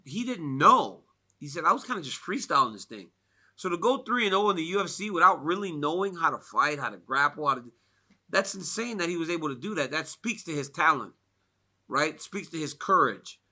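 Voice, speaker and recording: Bright, lively American man. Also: fairly high pitch, fairly quick. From United States. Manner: animated storyteller, laughs often, many "like" fillers. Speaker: interviewee at a fight media day. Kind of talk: casual media interview.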